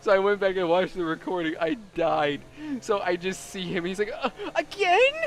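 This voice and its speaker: A man's voice: sits high, fairly even intonation, normal speed. A man hosting a gaming video, telling a story in casual chat with lots of laughter and voiced quotes. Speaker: let's play host.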